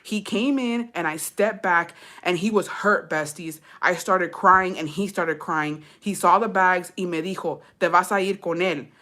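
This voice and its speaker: A woman's voice: fairly low pitch, a little slow, hardly any pauses, sharp tone. A young woman reading a storytime aloud in slangy, profane English with Spanish mixed in, breaking off to laugh and comment.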